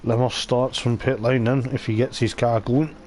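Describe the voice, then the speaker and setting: A man's voice: medium pitch, little pitch movement, normal speed, darkish tone. Man commentating a sim race over engine noise. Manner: chatty, meandering running commentary. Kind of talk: live sim racing commentary. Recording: clear racing game engine noise behind the voice. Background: race car engine sounds from the game.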